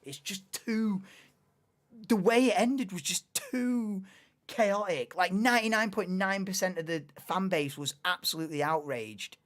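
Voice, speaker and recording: Excitable young woman streamer. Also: mid-range voice, unhurried. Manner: excitable, rambling, laughs often. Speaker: live stream host. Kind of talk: casual live watchalong chat.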